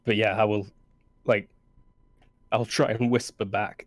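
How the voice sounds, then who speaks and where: A man's voice: lowish voice, little pitch movement, a little slow, pauses often. A man playing in a tabletop game, talking casually and thinking aloud. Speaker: player.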